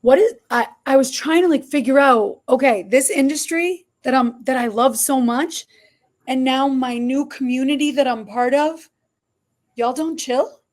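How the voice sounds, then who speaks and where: A middle-aged woman, a podcast guest telling her story in an animated, expressive way. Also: high-pitched, measured pace. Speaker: podcast guest, barber shop owner. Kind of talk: storytelling interview.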